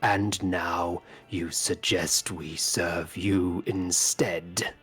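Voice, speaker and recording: A man voicing a stern, weary goatman clan leader who speaks slowly and gravely, dropping into half-whispers. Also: low voice, steady tone, fairly bright tone, exaggerated voice.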